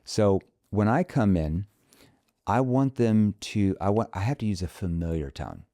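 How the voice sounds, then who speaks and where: A man's voice: fairly low pitch, expressive, a little slow, mellow, no room sound, clean studio sound. A man talking as a sales trainer guest in a podcast interview, emphatic, acting out sample phone calls in an upbeat voice.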